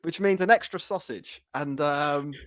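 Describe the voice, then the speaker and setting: A man co-hosting a podcast in casual chat, sweary and animated, often stumbling and restarting. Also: fairly high pitch, unhurried, no echo, studio quality. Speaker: podcast co-host.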